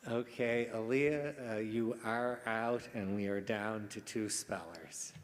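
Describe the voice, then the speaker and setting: A man's voice: fairly low pitch, steady tone. A man serving as pronouncer at a spelling bee, reading out words and their definitions in a formal, carefully enunciated manner. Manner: slow, deliberate enunciation. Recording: echoey hall.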